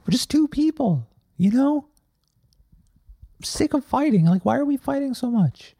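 Man doing a high whiny breakup voice, pleading, dry sound. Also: animated, normal speed, creaky, dark tone, dry recording, exaggerated voice. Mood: pleading, exasperated. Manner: pleading, exasperated breakup plea.

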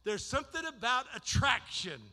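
A man preaching a sermon in a church, impassioned, swinging from shouts to hushed appeals. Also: extremely high pitch, big pitch swings, moderate pace. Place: church sanctuary. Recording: long hall reverb.

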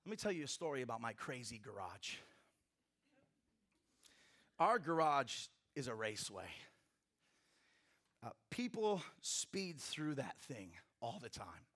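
A man preaching a sermon as pastor, swinging from loud, intense passages to hushed ones, with humorous personal asides to the congregation. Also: medium pitch, sing-song, unhurried, long pauses.

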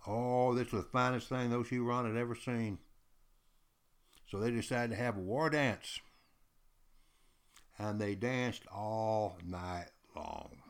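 A male storyteller recounts history in a lively, folksy spoken style. He speaks at an ordinary middle pitch and often turns to address his listeners directly. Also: slow, pauses often, clear, resonant tone. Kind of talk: oral storytelling.

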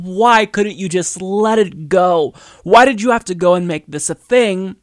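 A man hosting a political commentary podcast, ranting with exasperation and firing off rhetorical questions. His voice sits high for a man. The sound is dry, with no room echo. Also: expressive, slow pace, a bit bright. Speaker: podcast host.

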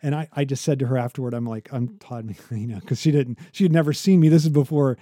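A man co-hosting a conversational academic podcast, telling stories with many halting restarts. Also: medium pitch, warm tone, no echo, studio quality. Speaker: podcast co-host.

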